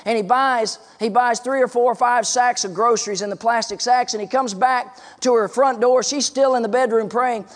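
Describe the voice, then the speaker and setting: A man in his forties preaching a sermon, telling a story and stressing points emphatically. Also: extremely high pitch. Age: 40s. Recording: long reverb in a large hall.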